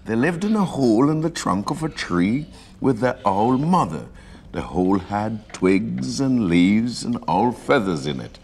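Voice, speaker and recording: A man reading a children's picture book aloud, coaxing his listeners along. His voice is gravelly and unhurried, and it swings widely in pitch with every line. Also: a little hiss or hum. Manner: animated, coaxing storytelling.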